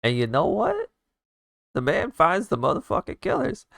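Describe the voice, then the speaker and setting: A man streaming live, retelling a movie plot in a casual, swearing, animated way with sound effects. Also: high-pitched, normal speed, creaky, dry recording, studio quality. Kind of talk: casual storytelling while drawing on stream.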